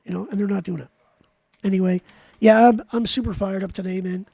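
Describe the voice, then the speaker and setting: A high-pitched man with a husky, mellow tone, clearly recorded at a dry desk mic. He streams live and rants heatedly to his chat, swearing freely and restarting his sentences as he goes. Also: steady tone, fairly quick, no echo. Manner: profane, heated ranting; rambling with frequent restarts. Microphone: desk mic while gaming.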